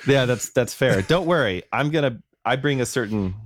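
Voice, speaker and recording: A man's voice: mid-range voice, lively intonation, moderate pace. A man co-hosting a podcast, telling stories in a rambling casual way with many fillers. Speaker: podcast co-host. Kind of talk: casual chat.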